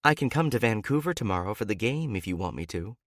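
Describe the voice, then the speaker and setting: A man voicing a soft, hesitant woman in love. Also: fairly low pitch, expressive, fast talker, dry recording, clean studio sound, voice pushed up. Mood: tender teasing. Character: guarded tender woman in love.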